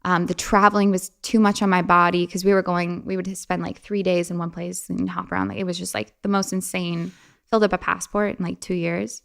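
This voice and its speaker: Her voice is fairly low and gravelly, level in tone and brisk as this young woman recounts a personal story on a podcast. She chats casually, laughing often and peppering her speech with "like" and restarts.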